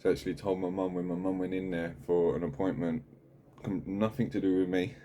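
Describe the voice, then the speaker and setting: Man, low mellow voice, rough-spoken candid diary-vlogger. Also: steady tone, a little hiss or hum. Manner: halting, heavy swearing, raw and candid. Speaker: channel host. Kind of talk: candid mental health video diary.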